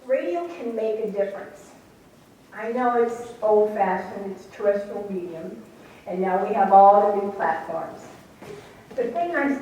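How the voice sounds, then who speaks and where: A woman's voice: mid-range voice, warm tone. A middle-aged woman tells her story to a live audience, acting out the people she quotes. She sits well back from the mic in a very echoey hall. A faint hiss runs underneath. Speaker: radio station manager recounting events. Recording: echoey room from far off, faint noise.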